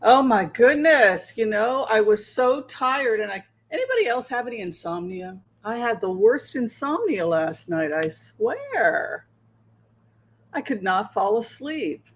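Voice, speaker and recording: A woman tarot reader hosts a livestream, chatting casually and rambling as she checks in with viewers. Her voice is fairly high with big pitch swings at a measured pace, and the recording is low quality.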